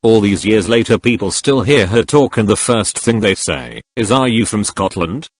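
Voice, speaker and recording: A man's voice: on the low side, slightly rough, no room sound. A man narrating, reading out online comments one after another. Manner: reads each comment in quick succession.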